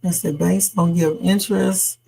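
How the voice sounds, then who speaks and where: Streamer hosting a casual news chat live; rough, husky voice, talks loosely to viewers. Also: medium pitch, steady tone, unhurried, dark tone, rough recording. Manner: chatty, reacts to news and reads viewer comments. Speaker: livestream host. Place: home streaming setup.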